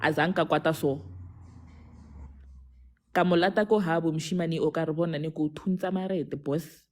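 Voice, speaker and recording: A young South African woman telling a personal story on a live call, animated, code-switching between English and a local language. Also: low voice, moderate pace. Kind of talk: casual storytelling on a live stream.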